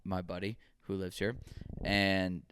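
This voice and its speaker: A man's voice: low-pitched, level tone, takes it slowly, a bit bright, slight background noise. A man co-hosting a casual podcast, telling rambling stories and acting out quoted dialogue. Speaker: podcast co-host.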